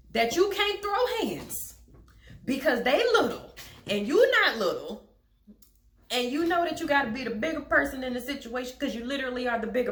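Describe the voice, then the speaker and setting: A woman's voice: mid-range voice, a bit bright. A young woman in a casual storytime vlog, candid and chatty, with frank swearing and wry laughs. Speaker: vlogger telling a personal story. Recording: echoey room.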